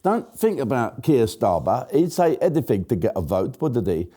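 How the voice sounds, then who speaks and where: Older man, dark mellow voice, blunt jokey rant, casual comedy monologue host. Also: mid-range voice, big pitch swings, moderate pace. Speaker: show host.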